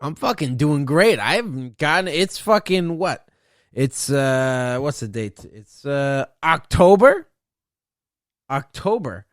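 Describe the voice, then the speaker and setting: A man's voice: a little high, sing-song, slow, no room sound, clean studio sound. A young man hosting a solo podcast, ranting in a profane, boastful, rambling way. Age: young adult. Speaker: podcast host.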